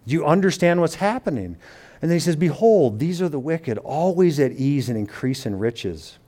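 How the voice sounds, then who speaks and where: Slightly high-pitched with big pitch swings, this male preacher delivers a sermon. Scripture is read slowly and quietly, and then he explains it himself, with many restarts and paraphrased quotations.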